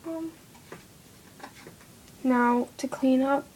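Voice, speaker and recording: A woman's voice: high voice, fairly even intonation, very slow, darkish tone, husky, low-quality recording. A teenage girl half-whispering a casual craft tutorial at home, apologetic and easily irritated. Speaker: craft video maker. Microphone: iPod camera close by. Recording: faint background noise.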